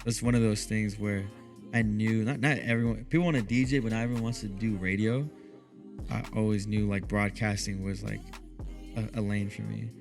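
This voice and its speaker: A man with a smooth radio voice, talking calmly and unhurriedly as a guest in a relaxed interview. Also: fairly low pitch, music in the background. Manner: calm, unhurried, drops lots of "you know what I mean".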